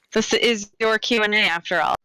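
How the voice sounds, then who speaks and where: A woman's voice: mid-range voice, measured pace, sharp tone, low-quality recording. A woman hosting a casual Q&A, reading out audience questions to her guest. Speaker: host relaying audience questions.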